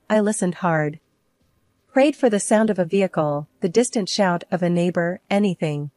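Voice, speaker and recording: Brief: female narrator, tense dramatic first-person storytelling, close and dry, mid pitch. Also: a little mellow, no echo.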